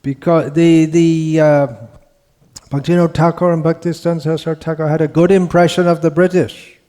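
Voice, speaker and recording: A man giving a scriptural lecture in an unhurried, rambling way, with frequent restarts and fillers. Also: fairly high pitch, flat delivery, warm tone. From India. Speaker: monk lecturer.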